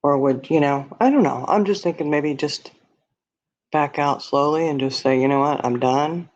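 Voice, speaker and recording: A low, somewhat mellow female voice at a moderate pace belongs to a livestream host chatting casually with her audience. She rambles through a hypothetical, using plenty of fillers and addressing chat directly, with dull lo-fi audio.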